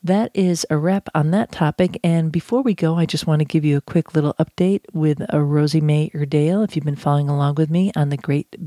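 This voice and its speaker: A communication trainer giving a chatty, animated teaching talk with self-deprecating asides. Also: mid-range voice, fairly quick, hardly any pauses, no room sound, clean studio sound. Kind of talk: podcast-style teaching talk.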